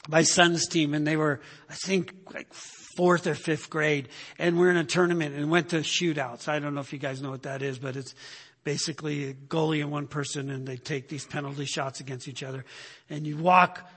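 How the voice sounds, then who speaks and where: An older man preaching a sermon, telling animated stories and repeating phrases for emphasis. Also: a little high, slightly rough. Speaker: pastor. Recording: long hall reverb.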